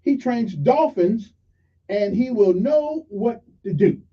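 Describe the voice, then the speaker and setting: A nervous old man of about eighty speaks timidly and slowly in a raised voice, as a man puts him on. He sounds unsure of himself. The sound is dull and lo-fi. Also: high voice, very animated, husky, voice pushed up, full character voice. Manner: timid, hesitant.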